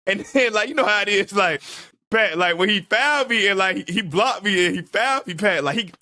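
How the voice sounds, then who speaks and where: A man in his twenties, a podcast co-host telling a story in casual chat, animated and laughing often as he acts out what people said. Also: sits high, a little fast, dry recording, clean studio sound.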